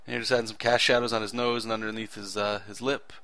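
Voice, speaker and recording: A man's voice: on the low side, flat delivery, fast, bright, forceful tone, dry recording. A man talking casually over his own drawing video, rambling earnestly with frequent self-corrections. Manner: earnest and enthusiastic about clear storytelling. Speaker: artist narrating his drawing process.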